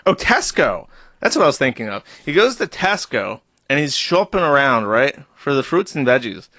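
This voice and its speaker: A man's voice: mid-range voice, very animated, normal speed, pushed and bright, no room sound. A man hosting a live stream, reading posts aloud and mocking them in a sarcastic, profane, mock-serious tone. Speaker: streamer host.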